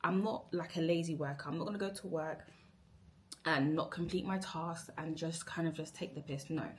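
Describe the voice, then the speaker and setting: A woman's voice: deep voice, fairly even intonation, normal speed. A young woman venting about her job to camera in a rambling, exasperated way, repeating herself. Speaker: vlogger. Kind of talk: emotional work rant to camera.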